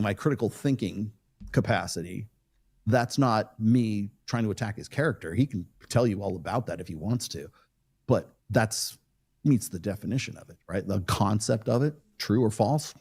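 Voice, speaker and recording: A man's voice: on the low side, a little mellow, breathy edge. A middle-aged man talking casually and with opinions, rambling with restarts and short laughs. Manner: rambling, with self-corrections and laughs. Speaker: podcast guest in a played clip.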